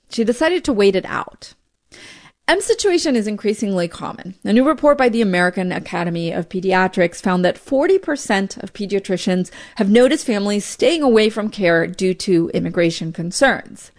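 A woman's voice: medium pitch, animated. Woman radio correspondent telling a story. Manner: measured storytelling delivery. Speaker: immigration correspondent. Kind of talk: radio news report.

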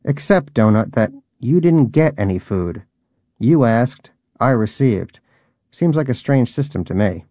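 A man's voice: mid-range voice, animated, measured pace, dark tone, dry recording, close to an everyday voice. A man voicing a smug, gluttonous male pet rodent who mocks with theatrical, posh phrasing.

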